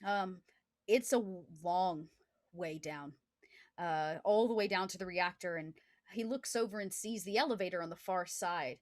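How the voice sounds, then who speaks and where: A woman's voice: fairly low pitch, normal speed, dry recording. A woman narrating as game master in a tabletop game, in a loose, filler-heavy style.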